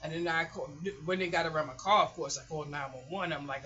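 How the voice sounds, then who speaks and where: Lady vlogger ranting through a story, acts out what she said, sharp bright voice, dull lo-fi sound. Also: low voice, fast talker. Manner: emphatic, acts out her own past lines. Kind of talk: casual storytelling. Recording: dull lo-fi recording.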